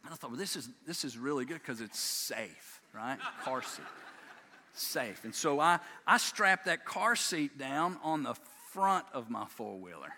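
A man's voice: medium pitch, a little slow, a little hiss or hum. A man, preaching a sermon through folksy family stories and acting out his sons' voices. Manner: folksy, animated, acts out voices of his sons. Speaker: pastor. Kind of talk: sermon storytelling.

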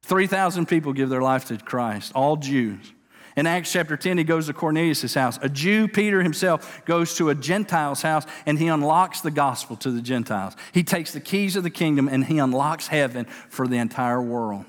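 Pastor guy preaching, kinda high voice, chatty, trips over words, big echoey hall. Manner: energetic, conversational preaching with quick asides and stammered restarts. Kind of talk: sermon. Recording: long hall reverb.

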